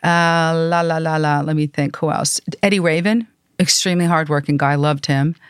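A middle-aged woman from New York, a podcast guest telling animated stories and acting out the voices of people she quotes. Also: deep voice, moderate pace, clean tone, no echo, studio quality. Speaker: interview guest. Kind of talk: casual storytelling.

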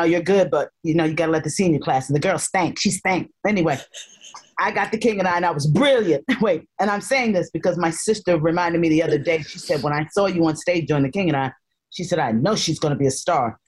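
Animated storytelling actress, low voice. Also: female voice, brisk, a little hiss or hum. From North Carolina, raised in Harlem, New York. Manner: animated, playful storyteller who puts on voices. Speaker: actress guest. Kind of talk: casual interview storytelling.

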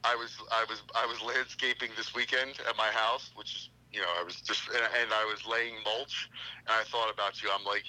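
A middle-aged man calling in to a casual chat, talking in a halting, rambling way with many restarts. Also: lowish voice, flat delivery, sharp tone. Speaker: guest on a phone call. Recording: tinny phone line.

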